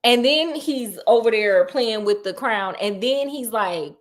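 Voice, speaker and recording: A woman's voice: a little high, animated, unhurried. A woman retelling a story in a casual, chatty way, with digressions and laughing asides.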